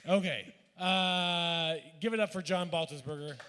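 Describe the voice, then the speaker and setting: A man's voice: high voice, a little slow, pushed and bright, slight background noise. A man hosting a live reading night on a bar stage, joking and teasing the readers with stammering banter. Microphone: stage mic. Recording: reverberant live venue.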